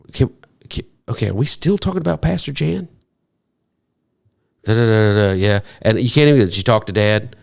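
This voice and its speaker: A man preaching a sermon as pastor, talking in a conversational, humorous way and jumping up in pitch to act out what people might say. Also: gravelly. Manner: animated, jumps into high-pitched acted quotes; conversational, self-deprecating humor.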